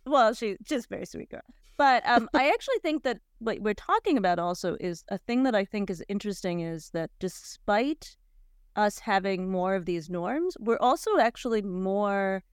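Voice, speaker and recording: A woman in her forties hosting a podcast, telling stories in a chatty, animated way with lots of fillers. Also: medium pitch, moderate pace, clear, resonant tone, no echo, clean studio sound. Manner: chatty, animated storytelling with frequent "like" and laughs. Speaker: podcast host. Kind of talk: casual chat.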